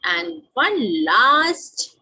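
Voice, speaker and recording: A woman's voice: medium pitch, big pitch swings, extremely slow, bright, forceful tone, breathy edge, low-quality recording. A woman with an Indian English accent teaching a grammar lesson, repeating each example sentence and asking questions that she answers herself.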